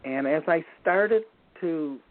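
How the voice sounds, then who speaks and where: A man's voice: on the high side, animated. Man telling stories over a phone line. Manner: unhurried, with frequent restarts. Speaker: guest recalling a medicine man. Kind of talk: conversational storytelling.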